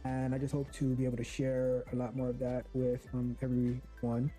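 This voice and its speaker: A man's voice: mid-range voice, monotone, dark tone, soft background music. Hesitant man telling his own story. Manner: hesitant, with many pauses and fillers. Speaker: quality assurance engineer. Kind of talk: recorded personal introduction.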